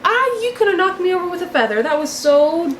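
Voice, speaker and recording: A woman's voice: extremely high pitch, very animated, a little fast, a little hiss or hum. A young woman hosting a knitting video podcast, chatting casually and gushing about her finished projects, often repeating words for emphasis. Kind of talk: casual show-and-tell chat. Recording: echoey room.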